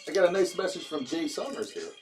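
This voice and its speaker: A man's voice: fairly high pitch, big pitch swings, music in the background. A middle-aged man with an Ohio accent co-hosting a live horror movie show, cracking jokes and stretching out announcements like a showman. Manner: jokey banter, drawn-out showman announcing. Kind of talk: casual live-stream chat.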